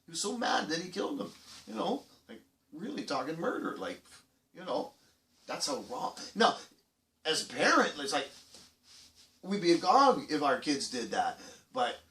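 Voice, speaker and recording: Male kids' show host, casual, rambling delivery, slightly raised pitch, echoey distant room sound. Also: very animated, normal speed, long pauses. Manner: rambling, with many restarts and fillers; acts out quoted voices loudly. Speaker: children's program host. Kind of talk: casual talk to children.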